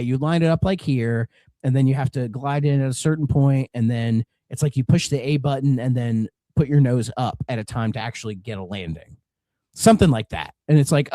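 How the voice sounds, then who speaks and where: A man's voice: mid-range voice, lively intonation, brisk, warm tone, no echo. Rambling, swearing podcast co-host man. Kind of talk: casual chat.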